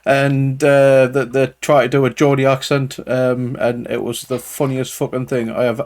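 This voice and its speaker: A man's voice: medium pitch, level tone, moderate pace, darkish tone, slight background noise. A man hosting a casual interview, chatty and given to laughing and swearing.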